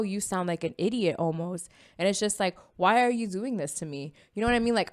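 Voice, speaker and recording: A woman co-hosting a casual podcast, telling a personal story with animated energy. She acts out her own quoted lines and keeps checking in with "you know what I mean." Her voice sits at a middle pitch for a woman. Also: clean tone. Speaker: podcast co-host. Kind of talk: casual chat.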